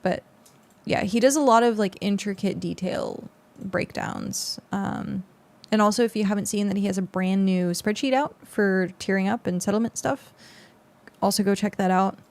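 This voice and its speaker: On a close mic, a young woman streamer rambles through a casual chat with her viewers, using plenty of fillers. She speaks at normal speed in a mid-range, darkish voice.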